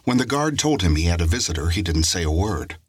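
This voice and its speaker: Deep husky male audiobook narrator. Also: big pitch swings, quick pace, no room sound.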